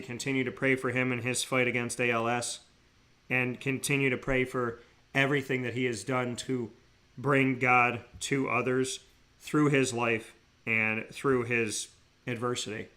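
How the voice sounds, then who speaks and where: A man hosting a talk show segment, telling stories with excitement and sincere, earnest thanks. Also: mid-range voice. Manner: excitable, laughing storyteller, then quiet and earnest. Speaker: radio show host.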